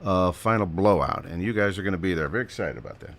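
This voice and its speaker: A man's voice: low voice, fast. A man hosting a radio show in a chatty, upbeat, rambling way, a little out of breath.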